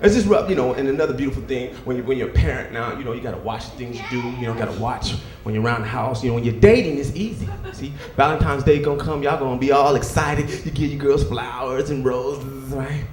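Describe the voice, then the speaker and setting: A man performing a stand-up comedy set on a club stage, telling stories and acting out characters with loud outbursts. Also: mid-range voice, fast, few pauses, roomy sound. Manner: animated storytelling, acts out characters with loud outbursts. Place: comedy club stage before a live audience.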